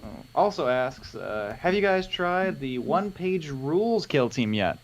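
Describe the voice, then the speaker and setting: A man's voice: on the high side, big pitch swings, measured pace, highs cut off. Teasing male stream co-host. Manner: joking, teasing, reads viewer questions aloud. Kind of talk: casual chat.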